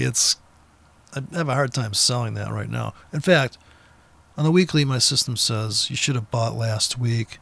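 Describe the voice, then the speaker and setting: A man's voice: medium pitch, vocal fry, fairly bright tone. A man giving blunt, profane, combative trading commentary in an unscripted rant, speaking from a car with the window down.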